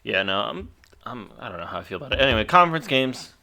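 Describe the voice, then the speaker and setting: A man's voice: mid-range voice, lively intonation, fast, vocal fry, pushed and bright. A man co-hosting a casual podcast, laid-back and dry, laughing along with his partner. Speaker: podcast co-host. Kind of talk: casual chat.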